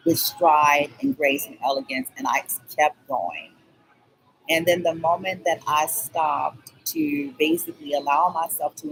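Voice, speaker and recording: A woman's voice: low voice, slight background noise, low-quality recording. A woman vlogger telling a rambling personal story, keeps checking in with "okay?" and skipping details with "blah, blah".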